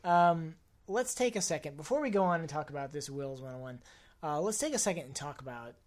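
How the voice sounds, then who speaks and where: A young woman co-hosting a podcast, casually recapping episodes and slipping into quick quotes of the people involved. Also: sits low, animated, a little mellow. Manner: retells scenes with quick put-on quotes. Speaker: podcast co-host.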